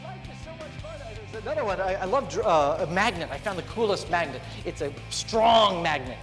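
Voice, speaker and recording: Male motivational speaker, high voice, comic and animated, echoey hall with music under him. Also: a little fast. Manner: animated and playful, acting out funny voices. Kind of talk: comedic keynote speech. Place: large event hall on stage.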